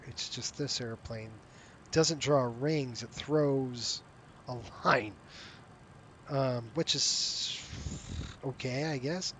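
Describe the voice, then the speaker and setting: A man's voice: medium pitch, drawn-out words, fairly bright tone, a little hiss or hum. A man streaming a flight simulator, chatting casually with viewers in a rambling, self-interrupting way while sounding tired and yawning. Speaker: flight sim streamer running a virtual airline. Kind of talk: casual live-stream chat over gameplay.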